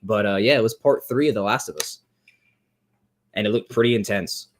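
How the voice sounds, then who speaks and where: A man's voice: fairly low pitch, moderate pace, a little hiss or hum. Young male podcast co-host, easygoing chat, laughs through his anecdotes. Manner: laughing storyteller retelling comedy clips. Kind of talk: casual chat.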